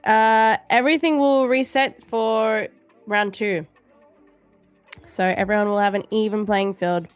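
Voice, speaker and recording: Woman, live-stream host, casual chat, playful and teasing, mid-pitched voice, soft music underneath. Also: fairly even intonation, a little slow, clean tone. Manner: playful, laughs often, teasing. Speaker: livestream trading show host.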